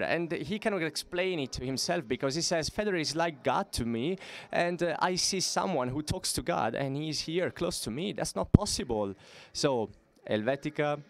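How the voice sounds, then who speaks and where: A man giving a live interpretation of a stage talk, halting often, his voice at an ordinary pitch. He pauses on fillers and restarts his sentences as he goes.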